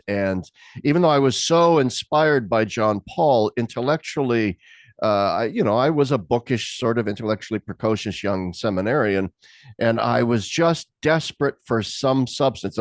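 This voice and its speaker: A low-voiced man in his sixties hosts an interview. He talks earnestly and at length, often restarting his sentences, and his voice sounds dry and close. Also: no room sound. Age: 60s. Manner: discursive, earnest, with many restarts. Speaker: interview host. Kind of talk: conversational interview.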